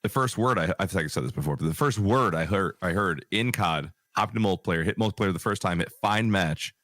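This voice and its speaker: Low-voiced man co-hosting a podcast. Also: a little fast, a bit bright, no room sound. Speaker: podcast co-host. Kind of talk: casual podcast chat.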